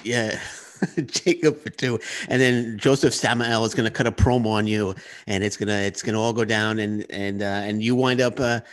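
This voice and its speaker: Ranting New wrestling podcast host. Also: male voice, on the low side, normal speed. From Queens, New York. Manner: animated, ranting, many restarts. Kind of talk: casual wrestling chat. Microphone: webcam.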